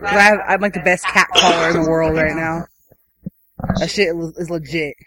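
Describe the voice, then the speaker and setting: A woman's voice: lowish voice, steady tone, normal speed, a bit bright, no echo. A woman in a casual podcast chat, animatedly telling a funny story and laughing as she goes.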